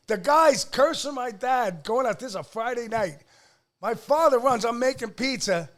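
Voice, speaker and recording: A middle-aged man, a pizzeria owner telling a rowdy family story, loud and profane, shouting out the quotes. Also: very high-pitched, normal speed. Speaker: pizzeria owner, podcast guest. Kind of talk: casual storytelling.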